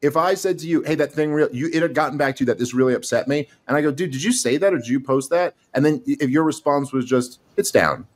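A man's voice: a little high, quick pace, hardly any pauses. A man in a heated casual podcast debate, insisting on his point, interrupting and swearing casually.

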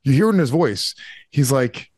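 With a darkish, animated mid-range voice at normal speed, this man co-hosts a podcast and chats casually, rambling, swearing, and filling gaps with filler words. The recording is dry and studio quality.

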